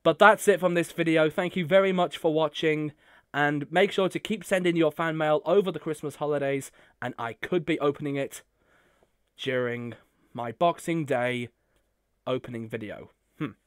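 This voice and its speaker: Casting: vlogger, mid pitch, effusive and thankful, dry close sound. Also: moderate pace, long pauses, a bit bright, no room sound. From United Kingdom. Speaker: YouTuber opening fan mail. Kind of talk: casual vlog talk to camera.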